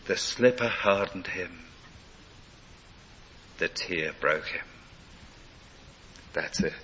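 An older man preaching a sermon, earnest and storytelling, swelling loud for emphasis and dropping low again. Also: drawn-out words, slight background noise. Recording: dull lo-fi recording.

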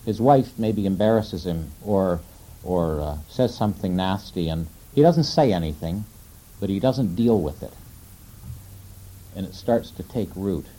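A man preaching a sermon in a conversational way, asking his listeners questions and slowing down to quote scripture. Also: sits low, lively intonation, dark tone, low-quality recording. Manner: conversational, asks the audience questions.

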